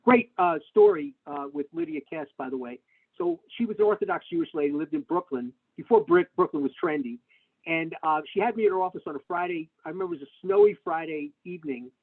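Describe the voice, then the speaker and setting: A middle-aged man telling stories in an interview, animated and full of fillers and restarts, speaking over a video call. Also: a little high, fast talker, gravelly, husky. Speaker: tax lawyer, interview guest. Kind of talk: conversational interview answers. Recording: tinny phone-like webinar audio.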